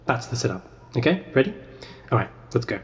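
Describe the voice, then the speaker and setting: A man's voice: mid-range voice, very animated, fairly quick. Rambling self-deprecating man. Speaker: podcast host. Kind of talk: comedic sketch monologue.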